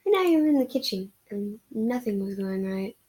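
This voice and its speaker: A woman's voice: mid-range voice, lively intonation, normal speed, mellow, breathy edge, poor audio. A woman reading a romance fan story aloud in a casual way, sometimes stumbling over words. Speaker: reader of fan fiction.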